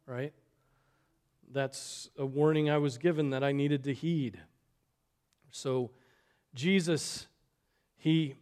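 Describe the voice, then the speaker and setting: A man preaching a sermon, earnest, swinging between loud exhortation and soft, quiet asides. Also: on the high side. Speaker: pastor.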